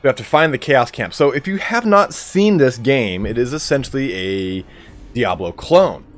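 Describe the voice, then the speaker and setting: A man's voice: medium pitch, lively intonation, normal speed, soft background music. A man livestreaming a video game, chatting casually to his viewers and explaining the mechanics as he plays. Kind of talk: casual gameplay commentary.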